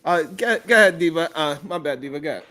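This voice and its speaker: A man's voice: on the high side, lively intonation, fast talker, sharp tone. A man hosting a casual podcast, laid-back and handing the floor to his guests. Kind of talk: casual chat.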